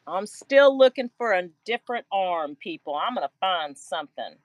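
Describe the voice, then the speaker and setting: A Southern-accented woman hosting a craft livestream, chatting in a warm, lively way and laughing a lot. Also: medium pitch, measured pace, pauses often, no room sound. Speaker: livestream host. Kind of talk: casual livestream chat.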